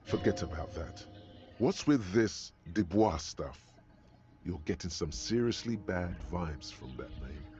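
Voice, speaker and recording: A man narrating a video game as a grave, measured inner voice. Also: low-pitched, lively intonation, a little mellow, muffled recording, faint music behind. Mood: ominous. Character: ominous inner-voice male narrator, older and gravelly. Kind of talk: scripted narration.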